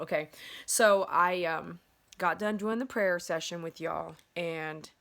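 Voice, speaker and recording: A woman's voice: lowish voice, fairly bright tone. A woman, vlogging from her bedroom in a chatty, rambling way, full of fillers and restarts. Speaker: dog groomer and channel host. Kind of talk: casual vlog storytelling. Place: bedroom at home.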